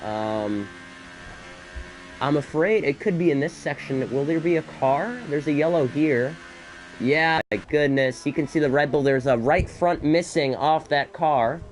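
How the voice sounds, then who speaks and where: Slightly high-voiced guy calling an online race solo, gets loud and excited in battles, kinda out of breath, faint hiss behind. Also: a little slow. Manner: excitable, rising to shouts in battles, chatty asides. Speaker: esports race commentator. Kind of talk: solo live race commentary.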